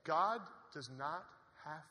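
A man preaching a sermon in an animated, conversational way, with asides to the congregation. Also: a little high, slow. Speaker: pastor. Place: church sanctuary. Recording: long hall reverb.

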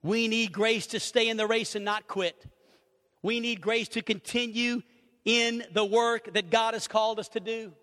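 A middle-aged man preaching a sermon, animated, acting out little conversations and swinging between loud and hushed. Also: high voice, unhurried. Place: church sanctuary. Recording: reverberant hall.

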